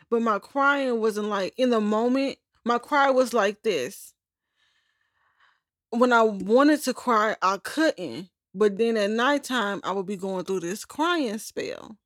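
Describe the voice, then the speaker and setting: A woman's voice: fairly high pitch, lively intonation, a little slow, fairly bright tone, dry recording, studio quality. A young adult woman hosting a personal podcast, talking candidly in a rambling, self-correcting way. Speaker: podcast host. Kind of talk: personal journal-style podcast monologue.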